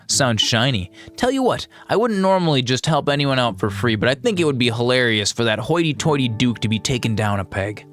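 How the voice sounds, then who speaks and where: A man's voice: medium pitch, big pitch swings, brisk, hardly any pauses, fairly bright tone, soft background music. A man voicing a small, cheeky male mouse who works as a trickster thief, with a playful, mischievous manner.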